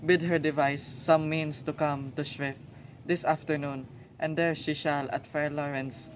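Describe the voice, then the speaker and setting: A man's voice: a little high, little pitch movement, a little slow, natural voice. A man playing an earnest young lover. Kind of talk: student stage play. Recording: noisy background.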